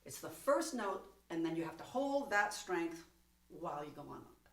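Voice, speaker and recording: A woman gives a one-on-one singing lesson, encouraging her student and demonstrating breath exercises. Her voice moves through a lively range of pitch. The room is echoey and she sounds set back from the microphone. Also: moderate pace, far from the mic. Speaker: voice teacher.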